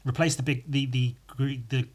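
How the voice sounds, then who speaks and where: With a mid-range, breathy voice and a level tone, a man hosts his podcast alone at normal speed as he draws. He drifts between asides and restarts, cracking crude jokes at his own expense.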